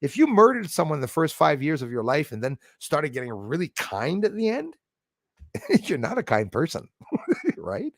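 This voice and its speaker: Rambling, gravelly Canadian man. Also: a little high, wildly swooping pitch, moderate pace, dry recording, clean studio sound. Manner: rambling, heated and blunt, with frequent restarts. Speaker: livestream host reading chat. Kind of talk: casual livestream talk.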